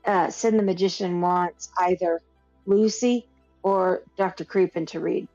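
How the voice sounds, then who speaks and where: A woman hosts a casual podcast, reading out listener questions in a brisk way. The audio is a little dull, with faint music behind her. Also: lowish voice, mellow. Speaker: podcast host.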